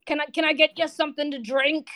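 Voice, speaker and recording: A woman's voice: high voice, steady tone, fast, sharp tone, pitched above the performer's own voice. A woman voicing a jovial, friendly human male barkeep in a tabletop game, with boisterous, folksy greetings.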